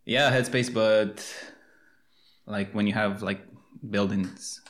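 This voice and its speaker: A man's voice: on the low side, steady tone, slow, a bit bright. A man with an Eastern European accent, not a native English speaker, co-hosting a casual podcast, dry and rambling, sometimes searching for words. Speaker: podcast co-host.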